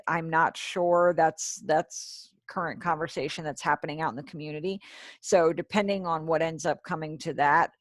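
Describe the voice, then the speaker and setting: With a deep voice and clean, echo-free studio sound, a woman runs an ASL lesson by video call. She's talkative and supportive, praising students throughout while chatting to herself on the side.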